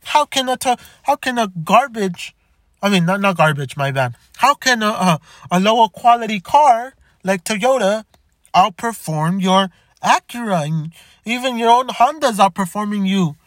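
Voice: mid-range voice, expressive, normal speed, no echo, studio quality. A car vlogger ranting in exasperation, often stumbling, restarting sentences and repeating "come on.". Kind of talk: opinion rant to camera.

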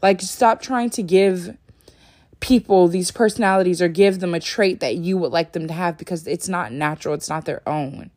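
A woman's voice: lowish voice, moderate pace, darkish tone. Sleepy, chatty young woman vlogger. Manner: chatty, rambling, lots of "like" fillers. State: sleepy, yawning. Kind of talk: casual talk to camera.

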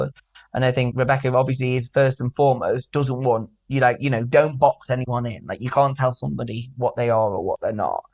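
A man's voice: mid-range voice, brisk, vocal fry, darkish tone. A man co-hosts a chatty podcast in a camp, giggly way. He rambles through lots of filler words. The recording is dull and lo-fi. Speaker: podcast co-host. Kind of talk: casual chat.

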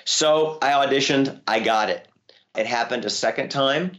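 A man who works as a voice actor, telling lively stories in an interview, his voice leaping high when excited. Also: normal speed, dull audio. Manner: animated storyteller, voice jumps high when excited. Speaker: voice actor guest. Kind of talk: interview conversation.

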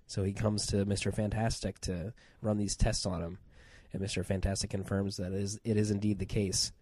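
A man with a cold chatting on a podcast, rambling excitedly with lots of fillers and restarts. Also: lowish voice, brisk, slightly rough, no echo. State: has a cold, on cold medicine. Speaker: podcast co-host. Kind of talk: casual chat.

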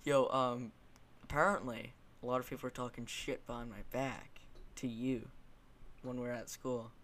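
A man's voice: medium pitch, fairly even intonation, moderate pace, fairly bright tone. A young man hosting a casual podcast, rambling and joking with lots of fillers. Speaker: podcast host. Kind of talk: casual chat.

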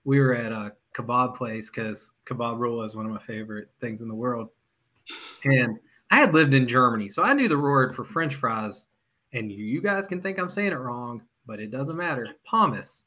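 A man with a bright, forceful voice, chatting as a podcast guest. He tells his coaching stories in an animated way and laughs easily between lines. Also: medium pitch, moderate pace, poor audio. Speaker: guest, former football head coach. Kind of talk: casual podcast storytelling.

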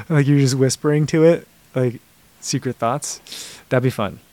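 A man's voice: mid-range voice, mellow, no echo. A man hosting a livestream, reading viewer comments and chatting casually with many fillers and restarts. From United States. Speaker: livestream host reading chat. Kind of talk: casual chat.

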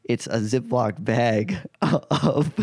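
Gravelly podcast co-host, man, dry close sound, loose rambling storyteller. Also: medium pitch, extremely slow, a little mellow, no room sound. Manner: rambling storyteller, many fillers, laughs often. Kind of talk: casual chat.

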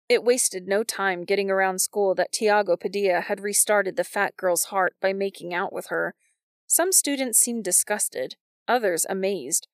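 A woman narrating a novel in a wry, even storytelling manner. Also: medium pitch, creaky, no echo, studio quality. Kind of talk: scripted audiobook narration.

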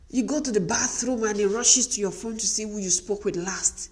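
A woman's voice: medium pitch, moderate pace, hardly any pauses, darkish tone. A woman giving an earnest, emphatic, faith-based motivational talk to wives. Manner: earnest, emphatic, repetitive exhortation.

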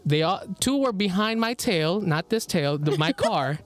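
A man co-hosting a podcast, telling a story in animated, casual chat, swearing freely and laughing often. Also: sits high, a little slow, soft background music. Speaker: podcast co-host. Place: indoor recording with co-host beside him.

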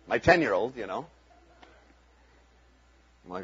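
A man's voice: on the low side, expressive, normal speed, pauses often, a bit bright, muffled recording. A man preaching a sermon as pastor, talking in an earnest, conversational way and chuckling between points.

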